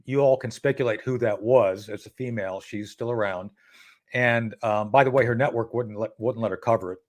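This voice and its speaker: A man speaking as an interview guest, telling a story in a casual, animated way, acting out the dialogue and restarting his sentences often. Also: mid-range voice, fairly quick.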